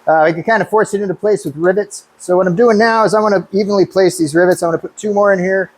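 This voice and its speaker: Easygoing garage guy, slightly high voice. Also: fast. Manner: relaxed and hands-on, thinking aloud while working. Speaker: car builder and channel host. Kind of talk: casual shop talk explaining a build.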